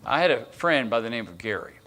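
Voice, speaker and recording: A man's voice: mid-range voice, very animated, fast, pushed and bright. A man preaching as a guest speaker, telling a story in a sermon with restarts and filler words.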